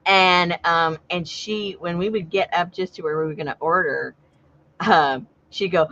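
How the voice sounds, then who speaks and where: A woman's voice: lowish voice, normal speed, fairly bright tone, no room sound. A woman chatting casually on a livestream, telling stories and laughing often. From Southern California. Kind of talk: casual chat. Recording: dull lo-fi sound.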